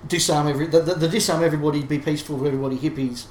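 A man talks through a casual podcast discussion in a thoughtful, analytical way, often restarting his sentences. His voice sits a little high. The recording sounds roomy, with a faint hiss underneath. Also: steady tone, very fast, darkish tone. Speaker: podcast co-host.

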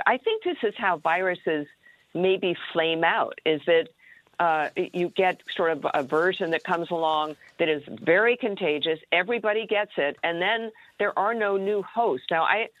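A woman news commentator calling in on a dry, tinny phone line. She reasons aloud in a measured way and hedges her points. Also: fairly low pitch, no echo. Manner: measured, hedging, thinking aloud.

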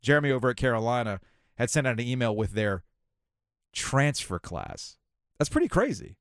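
Animated, sarcastic sports radio man. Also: mid-range voice, moderate pace, clear, resonant tone, no echo, studio quality. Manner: sarcastic, ranting, mocking voices of officials. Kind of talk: opinionated sports talk.

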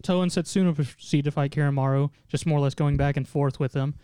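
Animated man recapping a show. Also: a little high, fast, smooth, no echo, studio quality. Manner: animated storytelling, mock quotes in put-on voices, frequent laughter. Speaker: podcast host recapping an anime episode. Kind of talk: casual recap chat.

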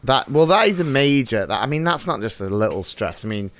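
A man's voice: medium pitch, sing-song, a little fast, a bit bright. A man hosting a casual podcast, joking, singing little snippets and laughing often. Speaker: podcast host.

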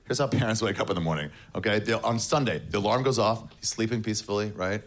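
A man doing a stand-up comedy set in front of a live audience, with a deadpan, sarcastic delivery. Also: fairly low pitch, fast talker, a little hiss or hum. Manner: deadpan, sarcastic, mocking voices of others.

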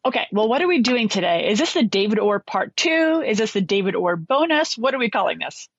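A woman's voice: mid-range voice, big pitch swings, a little fast, husky, dry recording, dull audio. A woman co-hosting a podcast, speaking in an earnest, friendly way. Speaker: podcast co-host. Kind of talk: podcast intro and casual chat.

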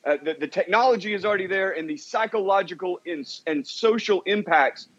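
A man appearing as a guest commentator, explaining ideas in a measured, thoughtful way with many fillers. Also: high-pitched, breathy edge, muffled recording.

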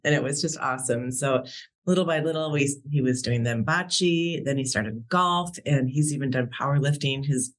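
A woman's voice: very deep voice, moderate pace. A woman, a podcast guest, telling a heartfelt personal story about her brother and often laughing between sentences.

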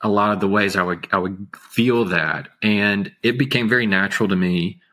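A man appears as an interview guest, an attorney, in casual interview talk. His low voice is calm and soothing, and his delivery is slow, measured, and unhurried.

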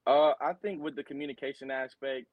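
A young college linebacker from Tennessee chats casually in an interview, rambling in a relaxed way with many fillers. He speaks briskly at medium pitch, and the recording has no echo but the highs are cut off.

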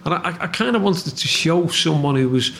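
Liverpool man, gravelly voice, slight background noise, earnest talker. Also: a little high, animated, brisk, a bit bright. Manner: earnest, rambling, many fillers. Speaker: TV writer and former police officer. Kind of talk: interview.

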